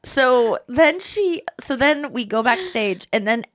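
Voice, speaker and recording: A woman's voice: a little high, slow, very noisy. A woman in her thirties hosting a podcast, telling a story in casual chat and acting out what people said. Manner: animated storytelling, acts out quoted voices. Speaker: podcast host.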